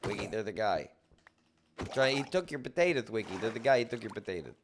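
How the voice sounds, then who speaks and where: Man, livestreamer, game commentary, lively swooping pitch, playful mock-outraged ranting. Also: fast talker, background noise. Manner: jumps to high excited outbursts. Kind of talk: live gameplay commentary.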